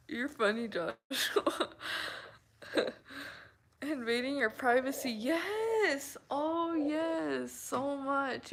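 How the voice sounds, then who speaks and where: A woman's voice: high voice, creaky, fairly bright tone, a little hiss or hum, rough recording. A woman chatting casually with her viewers, laughing often and acting out what people said. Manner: giggly, laughs often, acts out quotes. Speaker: livestream host chatting with viewers. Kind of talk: casual chat.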